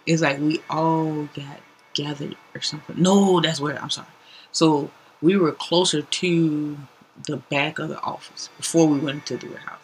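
A woman's voice: deep voice, a little hiss or hum, rough recording. A woman hosting a podcast, telling a story casually and acting out what people said, sometimes dropping to a whisper. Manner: animated, acts out quotes, drops to whispers. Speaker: podcast host.

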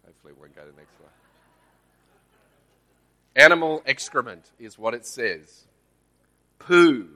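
Australian male lay preacher, conversational church talk, bright voice. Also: medium pitch, lively intonation, normal speed, pauses often. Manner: conversational, checks in with the audience.

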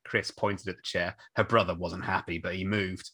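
A man's voice: sits low, little pitch movement, normal speed, a crowd in the background. A man reading a novel aloud for a comedy podcast, playful and prone to laughing. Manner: playful, breaks into laughter, puts on character voices. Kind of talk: comedic read-aloud with commentary.

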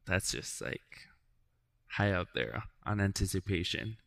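A man's voice: deep voice, lively intonation, measured pace, gravelly, a bit bright, no room sound. A man hosting a podcast, chatting in a laid-back, enthusiastic way with casual swearing. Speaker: podcast host. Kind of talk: casual chat.

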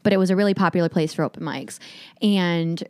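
A woman's voice: lowish voice, quick pace, darkish tone, smooth, no echo. A woman comedian chatting casually, telling a long profane story and acting out what people said. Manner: profane storytelling, acts out quotes. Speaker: stand-up comedian. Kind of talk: casual podcast chat.

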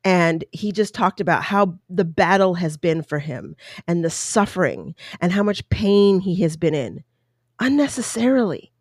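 A woman's voice: mid-range voice, darkish tone, no echo, studio quality. A woman giving an impassioned, indignant opinion monologue, full of rhetorical questions.

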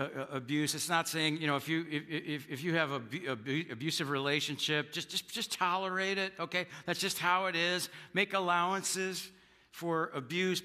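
A man preaching a sermon as pastor, earnest, stumbling over repeated words and playing out quoted spouses with sudden high outbursts. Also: big-room sound. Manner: earnest, repeats words when starting sentences; acts out quoted spouses with sharp jumps in pitch.

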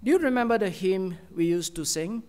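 A man preaching a sermon as a pastor, slow and earnest, with many pauses and often dropping to a soft, hushed tone. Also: sits high, in a large hall.

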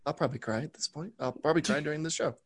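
A man's voice: on the high side, very fast, fairly bright tone, husky. Rambling self-mocking male co-host. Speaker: podcast co-host. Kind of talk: casual chat.

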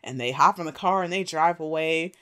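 A woman co-hosting a casual chat, retelling a TV episode with lively acted-out quotes and frequent laughter. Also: deep voice, a little fast, clean tone. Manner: animated storytelling, acting out quotes, laughs often. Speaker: podcast co-host recapping a TV episode.

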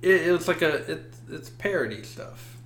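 A man co-hosting a podcast in casual chat, laid-back and quick to laugh. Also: fairly high pitch, lively intonation, a bit bright, echoey room, a little hiss or hum. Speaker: podcast co-host.

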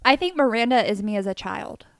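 A young woman in casual chat with her sister, telling lively childhood stories and laughing often. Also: a little high, brisk, dry recording. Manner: animated storytelling with laughter. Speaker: co-host sister.

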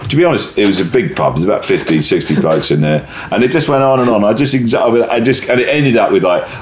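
A man who performs stand-up tells a meandering anecdote in a conversational interview, his lowish voice moving at a quick pace. Animated, he often stops mid-sentence and starts over, and the audio is reverberant.

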